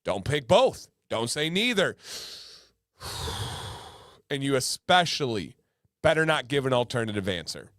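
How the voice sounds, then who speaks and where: A man's voice: mid-range voice, sing-song, a little slow, long pauses, fairly bright tone, no room sound, clean studio sound. A man hosting a casual livestream, playful and joking, often repeating his lines for laughs. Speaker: livestream host.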